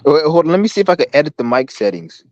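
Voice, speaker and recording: Fast-talking profane man ranting on a stream. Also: a little high, big pitch swings, darkish tone, no room sound, lo-fi sound. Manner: profane, rambling, combative. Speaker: livestream host. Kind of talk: ranting livestream monologue. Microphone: laptop or computer mic, no headphones.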